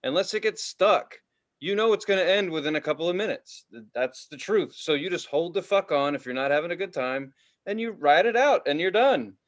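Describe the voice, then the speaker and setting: A man in his thirties, hosting a casual podcast and telling a story with loud voices and plenty of swearing. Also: on the high side, a little fast, muffled recording. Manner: animated, profane, does loud voices in his stories. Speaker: podcast host.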